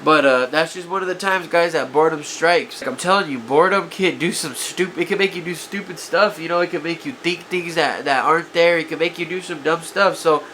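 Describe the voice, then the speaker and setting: Talking fairly quickly with hardly any pauses, this vlogger's voice is on the high side, pushed and bright, and a bit off because of allergies. He casually confesses stories from his past with regret and self-criticism, often calling viewers "guys" and using many "you knows," over faint hiss or hum.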